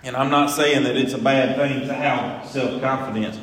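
A man's voice: mid-range voice, normal speed. Give me a man preaching animatedly, echoing around a large hall. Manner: animated, acts out scripture quotes. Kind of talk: sermon. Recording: echoey hall with long reverb.

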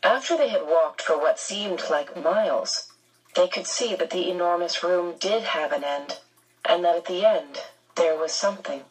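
A woman narrating an audiobook in a measured, unhurried storytelling manner. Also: fairly low pitch, breathy edge, recorded from a distance, rough recording.

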